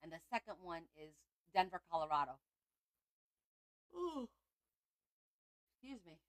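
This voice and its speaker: A woman's voice: on the low side, big pitch swings, measured pace, no echo, low-quality recording. A woman hosting a craft livestream, chatting casually and rambling as she talks to viewers.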